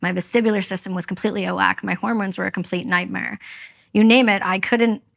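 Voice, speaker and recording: Gravelly-voiced Canadian woman telling her story. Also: medium pitch, fairly even intonation, fast talker, fairly bright tone. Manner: candid, emotional, blunt storytelling. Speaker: guest, veteran. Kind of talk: personal storytelling in an interview.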